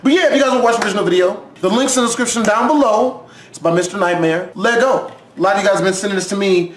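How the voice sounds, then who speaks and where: Jumpy, profane high-voiced man. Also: very fast, a little hiss or hum. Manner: jumpy, profane, laughs often. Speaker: YouTube reaction host. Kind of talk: casual reaction commentary.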